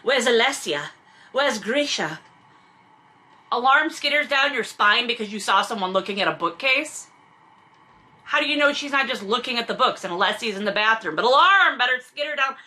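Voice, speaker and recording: Bright, sarcastic woman roasting a novel. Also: a little high. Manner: sarcastic, mocking asides and exasperated rants. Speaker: host reading and commenting on a novel. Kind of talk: comedic book commentary.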